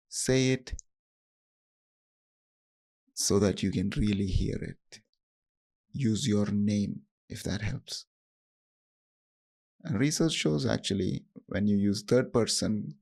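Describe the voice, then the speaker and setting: A man hosting a podcast, guiding listeners through a self-compassion practice in a slow, gentle, instructive way with pauses. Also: on the low side, creaky. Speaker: podcast host.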